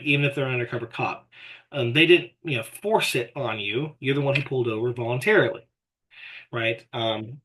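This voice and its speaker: Law lecturer, male, bright edge to the voice, chatty delivery with lots of "you know" and "right?". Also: mid-range voice. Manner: conversational, frequent "right?" and "you know", acts out quoted exchanges. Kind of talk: casual recorded lecture.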